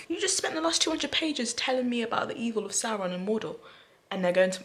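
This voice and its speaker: A woman talking through her reactions to a book in a casual vlog, excitable and chatty, with gasps and whispered asides. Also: medium pitch, fairly quick. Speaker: book vlogger.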